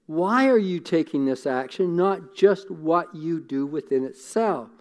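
A man's voice: fairly high pitch, lively intonation, unhurried, a little mellow. A man preaching a sermon in an earnest, conversational way, often repeating words as he thinks. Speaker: pastor.

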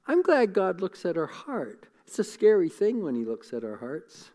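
A man's voice: fairly high pitch, very animated, normal speed, few pauses, darkish tone. A man preaching a sermon in an earnest, conversational way, often repeating words as he thinks. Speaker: pastor.

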